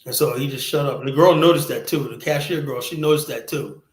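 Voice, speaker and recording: A man's voice: mid-range voice, fast. Man, blunt, profane, rambling, stream host, roomy echo. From United States. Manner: blunt, profane, rambling with constant "you know". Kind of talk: casual stream talk. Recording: roomy echoey sound.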